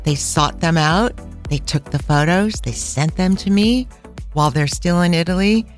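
A middle-aged woman co-hosting a casual travel podcast, chatty and quick to laugh, recorded close on a studio mic. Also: fairly low pitch, faint music behind. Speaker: podcast co-host and travel planner.

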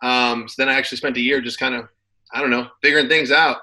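Former football player as interview guest, thirties, bright voice, relaxed and rambling. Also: male voice, medium pitch, quick pace, poor audio. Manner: relaxed storyteller, many fillers and restarts. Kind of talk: casual interview chat.

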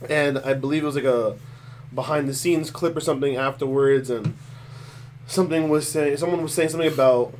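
Opinionated man on a podcast, slightly high voice. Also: steady tone, fairly quick, a little mellow, slight background noise. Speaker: podcast co-host. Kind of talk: casual chat.

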